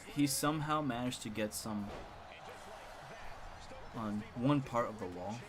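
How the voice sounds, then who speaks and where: A man's voice: mid-range voice, a little slow, background noise. Rambling young man telling a story. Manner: rambling, chuckling, lots of "you know" and repeats. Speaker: streamer. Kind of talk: casual storytelling on a live stream.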